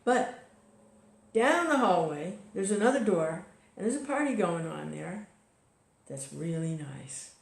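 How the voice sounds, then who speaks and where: A woman's voice: fairly low pitch, unhurried, vocal fry, darkish tone. A woman giving an informal devotional talk in a conversational way, full of "you know" and small restarts. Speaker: devotional speaker. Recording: echoey room recording.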